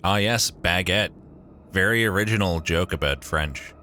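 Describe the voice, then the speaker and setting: A man's voice: low voice, slow, pauses often, sharp tone, slight background noise. A young man streaming a game live, chatting with his viewers, swearing often and joking sarcastically.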